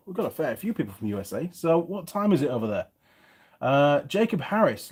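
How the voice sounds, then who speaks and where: A man's voice: on the high side, very animated, fairly quick, a little mellow, slightly rough. A middle-aged man from England with a slightly faded Yorkshire accent, chatting casually on a livestream and reading viewer comments aloud. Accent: Yorkshire English, partly faded. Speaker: YouTube mechanic channel host.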